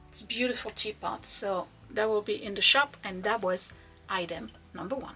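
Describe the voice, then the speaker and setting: A woman running an online vintage shop, chatting casually and enthusiastically as she shows items, sometimes dropping to soft asides. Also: mid-range voice, moderate pace, slightly rough, faint music behind. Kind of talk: casual product showcase.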